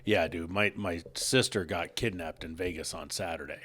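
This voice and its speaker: A man's voice: low voice, steady tone, normal speed, a bit bright, no echo. A man co-hosting a casual podcast, telling a long rambling story and laughing at his own punchlines. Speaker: podcast co-host.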